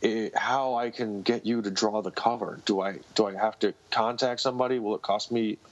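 A man's voice: fairly low pitch, steady tone, normal speed. A man, a guest on a podcast, telling stories in casual conversation, rambling and restarting his sentences often. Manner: rambling storyteller with frequent restarts. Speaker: guest, comic book writer. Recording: dull lo-fi recording.

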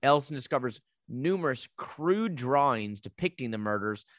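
A man casually recapping a horror movie plot as a podcast co-host, telling it with lively asides. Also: mid-range voice, normal speed, no echo, clean studio sound.

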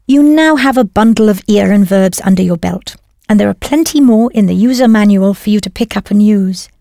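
A woman's voice: mid-range voice, fairly quick, gravelly, warm tone, no room sound, clean studio sound. A woman narrating a scripted audio language lesson, patiently prompting the learner and then confirming each answer. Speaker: language teacher.

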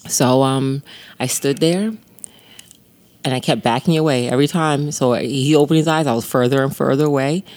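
A woman co-hosting a casual podcast with her husband, telling animated stories and laughing often. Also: extremely low pitch, moderate pace. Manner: animated storytelling, acts out her baby with laughs. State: sore back. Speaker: podcast co-host. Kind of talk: casual couple's podcast chat.

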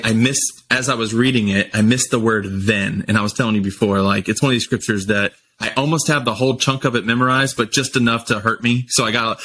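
A man's voice: mid-range voice, pushed and bright, a little hiss or hum. A man who leads worship, telling stories in a casual, easygoing and self-deprecating way on a remote call. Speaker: worship leader. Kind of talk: casual podcast conversation.

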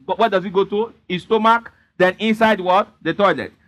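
A man preaches with a high-pitched voice. He leans hard on his points and keeps pressing the congregation to answer him back. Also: fairly quick, a bit bright. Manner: emphatic, repeatedly prompting the congregation. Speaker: pastor. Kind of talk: sermon with call-and-response.

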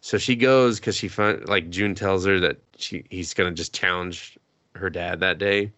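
A man's voice: low voice, measured pace, a bit bright, no echo. A man co-hosting a podcast, casually recapping a show in a rambling way, swearing freely and acting out the characters' lines. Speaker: podcast co-host. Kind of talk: casual anime recap chat.

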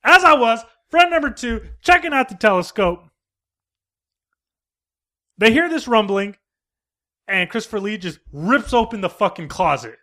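A man hosting a casual podcast from home, retelling a film in a rambling, profane, animated way. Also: high voice, normal speed, pauses often. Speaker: podcast host.

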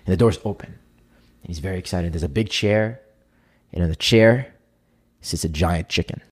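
A man's voice: deep voice, moderate pace, husky. A young adult man speaking as a podcast guest in an earnest, reflective way during casual conversation.

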